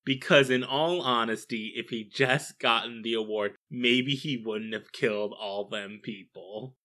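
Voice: mid-range voice, unhurried, sharp tone. A co-host of a casual film review podcast who adds wry quips.

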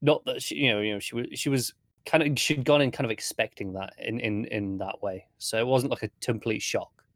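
Man, podcast co-host, casual chat, halting restarts, mid pitch, dry. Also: a bit bright, dry recording.

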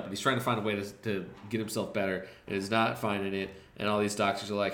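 A man co-hosting a podcast, casually recapping movies in a rambling, profane, deadpan jokey way with quick voiced asides. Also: fairly low pitch, roomy sound. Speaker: podcast co-host.

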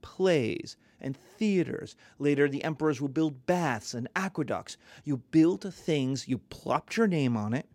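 A man lecturing on history in a lively, conversational way, sometimes acting out little voices. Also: fairly high pitch, unhurried, hardly any pauses, no room sound.

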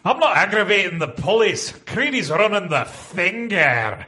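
Casting: a man voicing a blunt mock-Scottish brute, raised pitch, bright edge. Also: very animated, unhurried, heavily acted. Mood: gruff. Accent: put-on Scottish.

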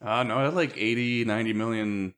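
A man's voice: lowish voice, fairly even intonation, fast talker, fairly bright tone. A man co-hosting a podcast, giving opinionated, rambling takes on a film with lots of filler words. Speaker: podcast co-host. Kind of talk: casual movie-discussion chat.

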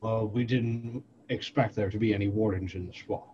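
A male tabletop player with a lowish, mellow voice answers calmly and plainly. The recording is dull and lo-fi, with a faint hiss behind him. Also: normal speed. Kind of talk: tabletop role-play. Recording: dull lo-fi mic with faint noise.

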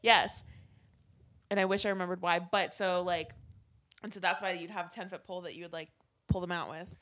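A woman's voice: lowish voice, steady tone, fairly quick, fairly bright tone. A woman co-hosting a podcast in casual chat, swearing freely and filling her talk with "like". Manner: swears freely, many filler "like"s. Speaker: podcast co-host.

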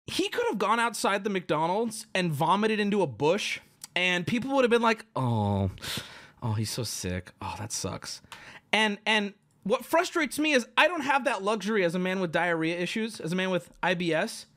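A man hosting a stream, telling a crude story in a loud, animated rant and acting out the other people in it. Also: sits high, fairly quick. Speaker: streamer host.

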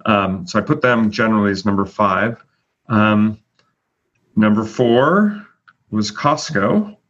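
A man's voice: on the low side, slow pace, fairly bright tone. A man hosting a casual chat, chatty and full of fillers as he announces rankings. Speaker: host. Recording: dull lo-fi audio.

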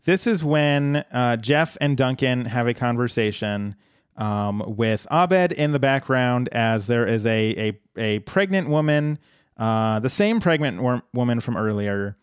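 A man's voice: medium pitch, expressive, unhurried, clean tone, no echo, clean studio sound. A man co-hosting a podcast, recapping a TV episode in casual chat with playful mock-villain asides. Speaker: podcast co-host.

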